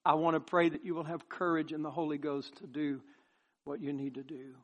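A man preaching a sermon as pastor, impassioned and emphatic, turning soft and pleading at times. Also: on the high side, level tone, brisk.

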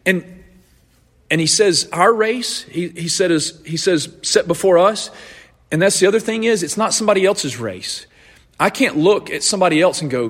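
Husky-voiced pastor preaching in a reverberant hall. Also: male voice, high voice, lively intonation, moderate pace. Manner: earnest, repeats and restarts phrases while explaining scripture. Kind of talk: sermon.

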